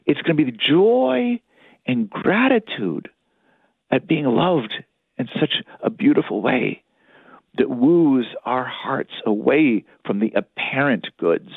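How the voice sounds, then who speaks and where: A man's voice: medium pitch, sing-song, takes it slowly, creaky, slightly rough, no echo, narrow, tinny audio. A man, a priest and spiritual director, talking earnestly on a Catholic radio show and acting out inner thoughts to make a point. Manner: earnest preaching, voices inner thoughts, repeats for emphasis.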